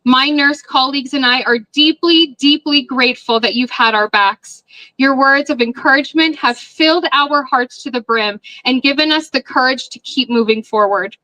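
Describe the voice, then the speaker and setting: A woman nurse giving an earnest, measured prepared speech at a rally. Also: high-pitched, sharp tone, no echo, poor audio.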